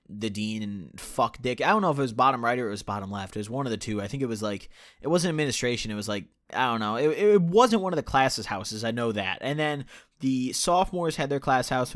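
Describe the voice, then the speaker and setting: A young man in his late teens talks through a personal story over gameplay, loose and profane, often stopping to restart or correct himself. His voice sits at an ordinary pitch for a man, and the sound is dry with no room echo around it. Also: a bit bright. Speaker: channel host telling a personal story.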